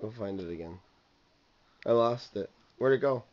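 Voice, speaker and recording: A father in a home video gently coaxing his toddler, repeating questions and prompts over and over. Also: fairly low pitch, normal speed. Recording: muffled home video with faint noise.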